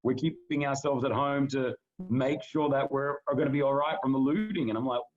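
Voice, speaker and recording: Fairly quick and medium-pitched, this podcast co-host speaks earnestly in a casual conversation, rambling with many restarts. The audio sounds dull.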